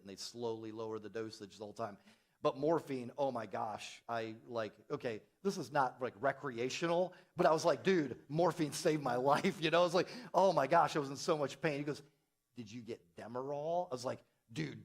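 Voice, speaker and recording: A middle-aged man, a pastor, telling a story in a sermon and acting out the dialogue with big jumps in his voice. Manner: animated, acts out dialogue with big pitch jumps. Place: church.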